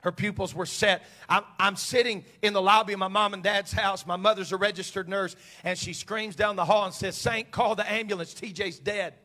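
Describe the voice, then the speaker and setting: A male pastor preaches to his church. His voice sits high and rings bright. He drops to near-quiet storytelling, then climbs to shouted, fervent climaxes. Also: steady tone, normal speed, hardly any pauses. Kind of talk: sermon. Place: church sanctuary.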